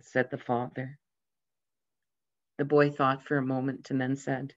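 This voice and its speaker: Unhurried and pausing often, a medium-pitched pastor tells gentle, mildly comic stories during a church sermon. His voice rises briefly and turns lively for the characters he quotes. The recording sounds dull and lo-fi.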